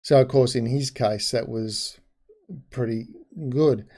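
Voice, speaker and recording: A man's voice: medium pitch, steady tone, slow pace, darkish tone. A man giving a casual, rambling movie review, frank and full of asides and restarts. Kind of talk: casual spoken film review.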